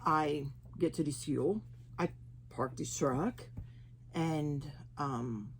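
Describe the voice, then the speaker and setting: Woman, Oklahoma accent, halting slowed speech, laughs easily, low-pitched, faint ambience. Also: slight background noise. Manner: chatty, laughs often. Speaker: interview guest. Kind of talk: personal testimony.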